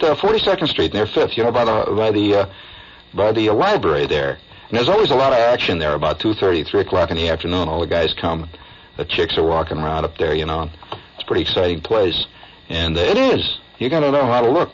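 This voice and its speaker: Man, radio storyteller, husky, animated, lo-fi old broadcast. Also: on the low side. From United States. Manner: rambling, conversational, wry, full of asides. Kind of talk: improvised comic storytelling monologue. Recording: dull lo-fi 1970s AM radio aircheck.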